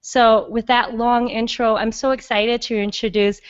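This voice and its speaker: A woman's voice: a little high, level tone, normal speed, smooth, dull audio. A woman hosting a podcast interview, enthusiastic and encouraging, talking casually with some light swearing. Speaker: podcast host.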